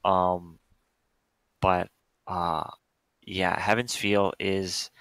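A man's voice: low voice, level tone, very slow, a bit bright, clear, resonant tone, no room sound, low-quality recording. A man co-hosting a casual review podcast, analytical and hedging with many fillers. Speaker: podcast co-host.

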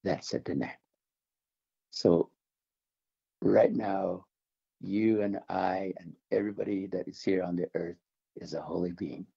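A man from the Navajo Nation, older, giving an earnest religious testimony in an interview, halting and restarting his words. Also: low-pitched, fairly even intonation, muffled recording. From Navajo Nation, American Southwest. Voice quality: gravelly, husky. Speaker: interview guest.

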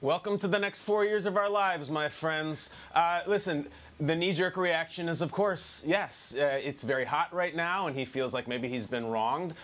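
A man analysing on a sports talk show, animated, building his argument with quotes. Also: on the high side, moderate pace.

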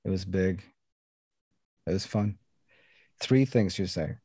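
A man in his fifties from Sweden with a light Swedish accent, talking in a relaxed, laid-back way as an interview guest. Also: low-pitched, takes it slowly, slightly rough, no echo. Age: 50s. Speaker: guest musician. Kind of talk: casual interview chat.

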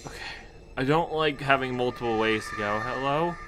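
A man's voice: medium pitch, normal speed, noisy background. A young man commentating a horror game, nervous and jumpy, chatting to objects around him and yelping at scares. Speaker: gaming YouTuber.

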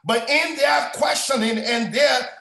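Impassioned high-pitched male preacher, echoey. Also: unhurried, creaky. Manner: impassioned, shouting preaching with repeated phrases. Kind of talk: prayer-line sermon. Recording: echoey room sound.

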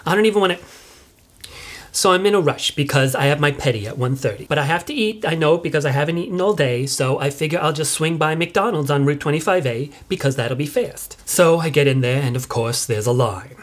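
A woman's voice: sits low, brisk. A woman playing an entitled middle-aged suburban mother who rambles on in chatty, self-righteous complaints. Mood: indignant. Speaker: mother leaving video messages. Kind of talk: comic monologue.

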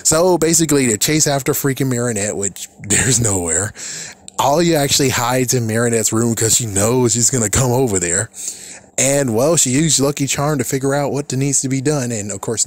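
Speaking at a normal speed in a mid-range voice, this cartoon reaction commentator gives a casual recap of an episode. He gets exasperated, swears, and often laughs at the characters.

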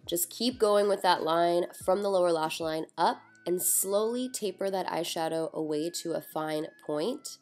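Sleepy young woman chatting through a makeup tutorial, lowish voice, faint music behind. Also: a little slow, few pauses, a little mellow. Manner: chatty, self-deprecating, talks through each step. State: sleepy, just woke up. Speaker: beauty vlogger.

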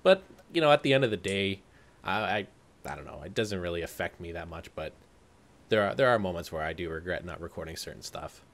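A man's voice: deep voice, animated, brisk, creaky, a bit bright. A man chats on a casual gaming podcast. He tells stories with animation and drops swear words freely. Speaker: podcast co-host.

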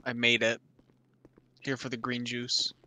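A man's voice: mid-range voice, completely flat delivery, measured pace, pushed and bright. A man chatting casually while playing a game with friends, joking and swearing often. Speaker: gamer streaming with friends.

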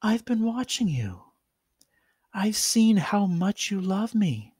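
A shy, eager young female pony girl from a horror story, voiced by a man raising his voice well above his own. She speaks softly and coaxingly, slowly and close to the mic, with a dry sound. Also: sits high, sing-song, breathy edge, dry recording, pitched above the performer's own voice, exaggerated voice.

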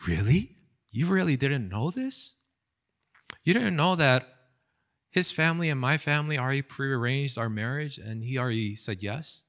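A man's voice: mid-range voice, moderate pace, a bit bright, natural voice. A man voicing an envious, scheming young woman who taunts a rival with mock pity, acted out in a retold drama scene. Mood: taunting.

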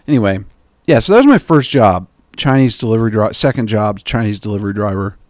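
A man hosting a podcast, telling jokey, digressive stories and slipping into quick impressions of the people he quotes. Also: lowish voice, animated, a little mellow, dry recording, clean studio sound. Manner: digressive, joking, mimics people in quoted asides. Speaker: podcast host. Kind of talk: rambling comedic podcast chat.

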